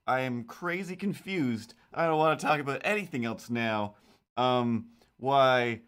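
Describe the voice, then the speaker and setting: A man's voice: medium pitch, animated, a little slow, fairly bright tone. A man chatting casually on a live stream while drawing comics, rambling and joking and tripping over his own words, into a desk microphone. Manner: rambling, self-interrupting, jokey.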